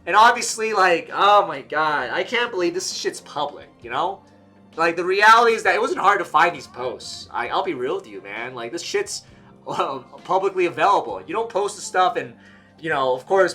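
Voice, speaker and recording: Bright-voiced exasperated young man. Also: high voice. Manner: blunt, exasperated, swears freely. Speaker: commentary streamer. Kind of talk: casual reaction commentary.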